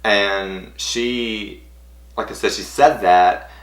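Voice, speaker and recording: A man's voice: fairly low pitch, fairly even intonation, extremely slow. A man eagerly retelling a personal story to camera, rambling and full of "like". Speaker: vlogger. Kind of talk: casual storytelling. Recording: roomy echo.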